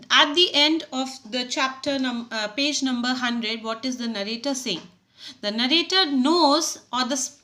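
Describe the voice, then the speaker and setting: A woman teacher walks schoolchildren through a poem. Her voice sits high and sounds bright. She talks haltingly, full of fillers and restarts.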